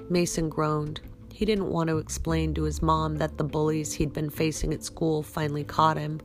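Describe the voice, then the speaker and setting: A woman hosting a show and reading a story aloud at an unhurried pace, with small slips she corrects. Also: low voice, level tone, soft background music. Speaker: host and story reader.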